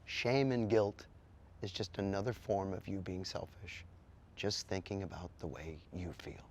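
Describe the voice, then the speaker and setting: A man quoting a blunt old man at a meeting, curt and scolding, in nearly his own low voice. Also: measured pace, darkish tone, a little hiss or hum.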